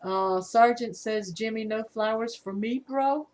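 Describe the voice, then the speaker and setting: Slow-talking Southern woman in her fifties. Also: fairly high pitch, a little mellow. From Virginia, USA. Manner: chatty, reads viewer comments aloud, laughs easily. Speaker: livestream host. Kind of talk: casual live-stream chat.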